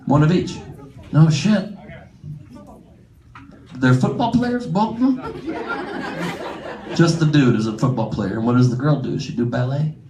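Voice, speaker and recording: Here a stand-up comic teases his audience with brash, profane, off-the-cuff crowd work, speaking a little high at a measured pace with long pauses. The handheld stage mic catches reverb, background noise and the crowd's laughter.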